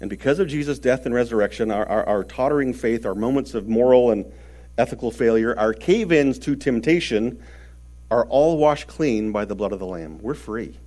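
A man preaching a sermon earnestly, stressing words and swinging between loud and soft. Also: mid-range voice, lively intonation, moderate pace.

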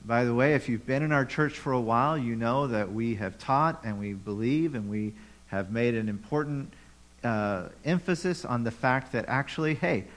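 A man's voice: mid-range voice, moderate pace, low-quality recording. Male pastor, mid-range voice, conversational sermon with repeated rhetorical questions. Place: church.

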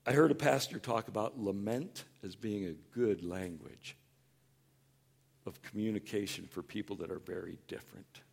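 Earnest, animated male pastor preaching. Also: normal speed, gravelly, husky. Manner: animated, acts out quoted voices in a higher, louder tone; earnest and conversational, drops soft for tender points. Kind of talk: sermon.

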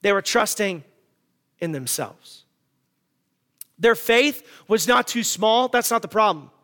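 A man's voice: sits high, normal speed, bright, forceful tone, in a large hall. A male pastor preaching a sermon to his congregation, emphatic and full of rhetorical questions.

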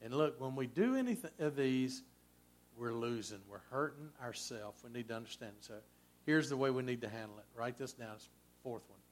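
A man preaching a sermon as a pastor, conversational and folksy, with frequent asides to the congregation. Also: fairly quick. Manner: conversational preaching, folksy asides, lively swings in pitch and loudness.

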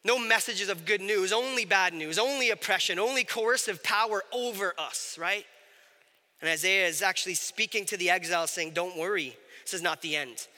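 A man's voice: sits high, moderate pace, bright, forceful tone, in a large hall. A man preaching a conversational sermon, often checking in with his audience and asking them questions. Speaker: pastor.

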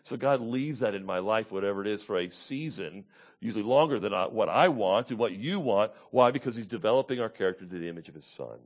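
A man preaching a sermon, drops to low, quiet asides, then rises to loud, high, pleading tones as he voices the psalmist. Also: lively intonation, fast talker. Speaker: pastor.

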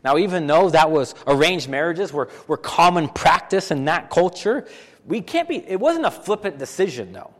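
A man preaching a sermon as pastor, animated and full of rhetorical questions, often repeating phrases for emphasis. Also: a little high, normal speed, long reverb tail.

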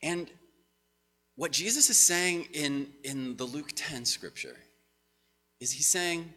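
A man's voice: on the high side, sing-song, takes it slowly, bright, forceful tone. A man giving a conversational, story-driven sermon to a congregation as pastor. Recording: long hall reverb.

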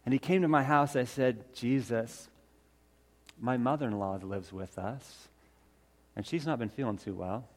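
A man playing the fisherman Peter, telling a Bible story in the first person in a folksy, conversational way that swings from loud to hushed. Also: medium pitch, unhurried, natural voice. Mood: earnest. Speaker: storyteller in character.

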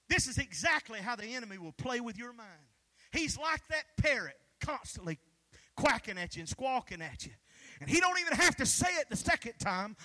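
Man, pastor, sermon, very high voice, call-and-response, forceful. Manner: fervent call-and-response preaching, shouts at peaks.

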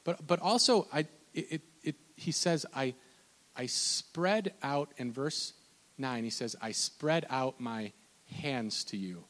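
A man's voice: medium pitch, expressive, slow, fairly bright tone. A man preaching a sermon as a pastor, impassioned and repetitive, often restarting his phrases and stammering repeated words. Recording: long hall reverb.

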